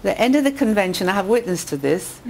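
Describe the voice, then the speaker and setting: A woman giving an inspirational talk with jokes and stories to a women's audience, her pitch rising on quotes and punchlines. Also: quick pace, slight background noise. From England. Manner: lively storyteller who rises in pitch on quotes and punchlines. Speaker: speaker addressing a women's audience. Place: community hall with a live audience.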